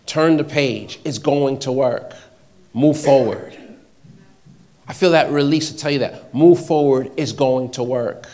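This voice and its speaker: A man delivers a sermon in a mid-range voice at an unhurried pace. He repeats short phrases and moves between loud exhortation and hushed, almost whispered passages.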